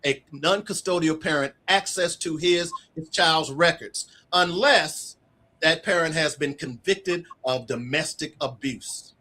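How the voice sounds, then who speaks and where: A man's voice: a little high, unhurried. A middle-aged man, an author being interviewed, telling stories in a casual way and acting out the dialogue. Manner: animated storyteller acting out quoted dialogue. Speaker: author guest.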